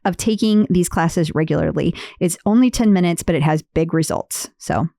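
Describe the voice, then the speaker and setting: A woman co-hosting a fitness news podcast in casual chat, chatty and quick to laugh at herself. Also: lowish voice, gravelly, warm tone, no echo, studio quality. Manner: chatty, laughs easily, self-deprecating. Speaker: podcast co-host.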